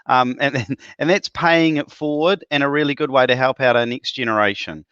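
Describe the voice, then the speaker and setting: A man's voice: medium pitch, a little fast, a bit bright, smooth, dry recording, lo-fi sound. A man hosting an awards ceremony, upbeat and chatty with lots of ums and laughs. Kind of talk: live emcee patter.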